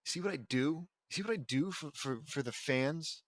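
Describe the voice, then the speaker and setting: A man's voice: fairly high pitch, lively intonation, moderate pace, dry recording. Sarcastic man reading fan fiction aloud. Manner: sarcastic, mocking asides. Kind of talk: comedic dramatic reading with commentary.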